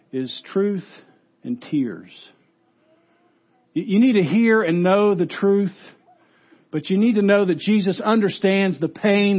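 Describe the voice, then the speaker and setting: A pastor preaching a funeral sermon, earnest, rising loud for emphasis and dropping low and soft. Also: male voice, breathy edge, muffled recording.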